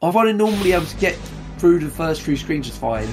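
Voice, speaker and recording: A man co-hosts a casual podcast, talking about games with rambling enthusiasm. His voice sits a little high and has a lot of fry. Music plays clearly behind him. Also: sing-song, quick pace. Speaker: podcast co-host.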